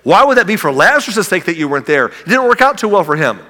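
A preacher acting out baffled, raised-voice disciples. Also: male voice, a little high, big pitch swings, a little fast, pushed and bright, in a large hall, heavily acted. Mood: exasperated. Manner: incredulous, exasperated questioning. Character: bewildered male disciples questioning their teacher.

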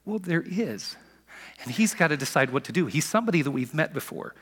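A male pastor delivers a sermon in a chatty, storytelling way. His pitch is slightly high and swings widely as he speaks. A long reverb from the church sanctuary follows each line. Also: a little fast, slightly rough. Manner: animated, conversational storytelling. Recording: long reverb of a large hall.

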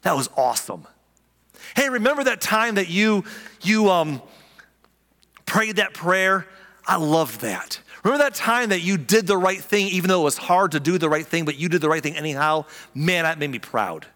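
A man's voice: high voice, lively intonation, normal speed, pushed and bright, long reverb tail, full character voice. A man voicing God as a proud, loving father, speaking in an encouraging, affectionate way. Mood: fond.

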